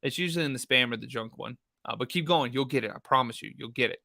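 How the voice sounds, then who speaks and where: A man's voice: mid-range voice, fast talker, creaky, no echo, clean studio sound. A man hosting a live true crime reaction stream, talking bluntly to his chat. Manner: loud, blunt, talks to chat.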